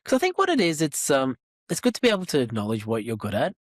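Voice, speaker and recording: A man hosting a podcast, probing and challenging his guest, pressing for clear answers. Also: medium pitch, wildly swooping pitch, fast talker, no room sound, clean studio sound. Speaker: podcast host. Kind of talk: casual interview conversation.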